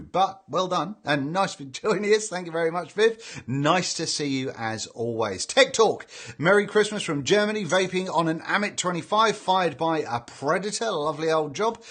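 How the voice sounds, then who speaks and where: A cheerful British man hosting a live stream, reading out viewers' names and greetings in a relaxed, chatty way. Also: a little high. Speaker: livestream host reading chat. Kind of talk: casual live chat.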